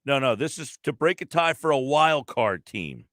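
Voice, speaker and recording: Lively sports radio host, a man. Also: medium pitch, moderate pace, no room sound, studio quality. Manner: animated, thinks aloud through the standings. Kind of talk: live sports talk radio.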